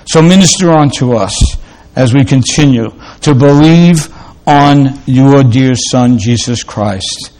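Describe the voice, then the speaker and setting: A man's voice: mid-range voice, takes it slowly, darkish tone. A man preaching a sermon as a pastor, earnest, often repeating himself and restarting phrases before closing in prayer.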